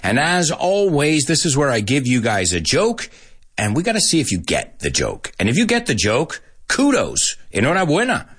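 Playful joking man with a husky voice. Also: a little high, wildly swooping pitch, moderate pace, a bit bright. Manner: playful, laughs at his own jokes, switches between English and Spanish. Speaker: English teacher for Spanish speakers. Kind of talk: live online English lesson with jokes.

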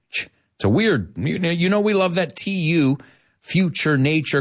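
An American man teaching English in a live online lesson, chatty and animated, dropping in Spanish asides. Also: on the high side, moderate pace.

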